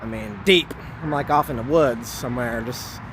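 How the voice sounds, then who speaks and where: A man's voice: fairly high pitch, sing-song, vocal fry, background noise. Rambling, earnest man with a raised voice. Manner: rambling and earnest, heavy with "you know" and "like"; hurried, wanting to finish quickly. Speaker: vlogger telling a personal story. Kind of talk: casual spoken recollection.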